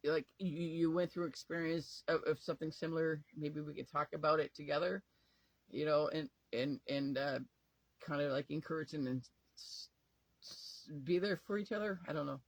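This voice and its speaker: A man's voice: a little high, steady tone, moderate pace, gravelly, no room sound, low-quality recording. A tired man venting to camera at home in a rambling, profane, emotional way, often trailing off and restarting. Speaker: vlogger. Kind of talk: casual talk to camera.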